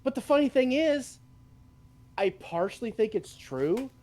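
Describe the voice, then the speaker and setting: A man co-hosting a casual stream chat, explaining in a relaxed way with casual swearing. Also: very high voice, unhurried. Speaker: stream co-host.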